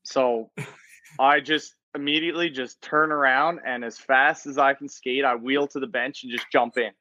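A man's voice: mid-range voice, steady tone, moderate pace, bright, forceful tone, muffled recording, slight background noise. A young man, a hockey player guest, telling a hockey story in a casual chat, laughing often and swearing as he goes. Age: young adult.

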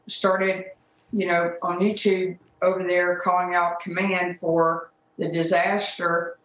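A woman giving a TV interview as a mother, halting and upset, with many restarts. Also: on the low side, fairly bright tone, reverberant, slight background noise, low-quality recording.

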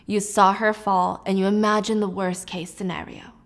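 A woman's voice: medium pitch, little pitch movement, moderate pace, pitched below the performer's own voice, close to an everyday voice. A woman voicing a dismissive young husband who brushes off his wife, placating and stern. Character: dismissive husband, engineer, tense and controlling.

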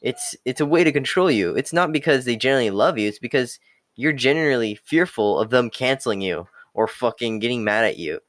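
Animated and fairly quick, a young man's medium-pitched voice carries a profane, no-nonsense motivational rant with no echo. As a self-improvement talker, he keeps repeating lines such as "okay" and "the hard truth."

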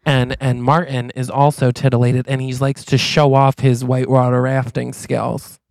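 A man's voice: mid-range voice, creaky, no room sound. A man co-hosting a podcast, animatedly narrating an improvised comic movie plot. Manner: animated, acts out lines, quick asides. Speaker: podcast co-host.

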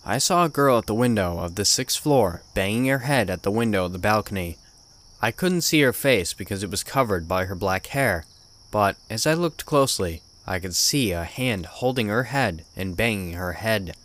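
A man narrating a horror story in a measured, grim storytelling manner. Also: lowish voice, expressive, fairly bright tone. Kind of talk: scripted narration.

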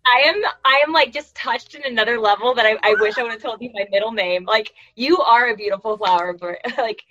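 A woman's voice: fairly high pitch, a little fast, sharp tone, poor audio. A woman from California, an author and guest, talking in a rambling way as she searches for words. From La Jolla, California. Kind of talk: casual interview chat.

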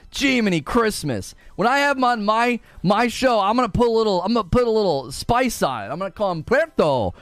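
A man's voice: very high-pitched, sing-song, normal speed, fairly bright tone, no echo, soft background music. A man hosting a casual gaming livestream, reading chat aloud and laughing often as he talks. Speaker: livestream host.

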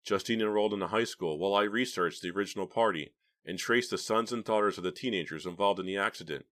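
A man's voice: fairly low pitch, fast talker, a bit bright, lightly acted. Man voicing a guilt-ridden ailing old uncle. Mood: pleading. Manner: pleading, breaking into sobs. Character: ill older man, grieving guilty uncle.

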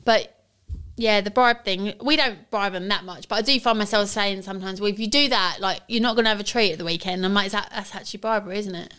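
A woman's voice: medium pitch, fast talker, a bit bright, clean tone. A woman, co-hosting a podcast and chatting as she retells family stories. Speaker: podcast co-host. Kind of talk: casual chat.

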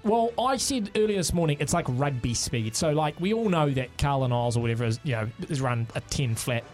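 Animated New man, higher voice. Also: brisk, soft background music. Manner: animated, joking, runs the draft picks. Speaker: radio co-host. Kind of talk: casual sports radio banter.

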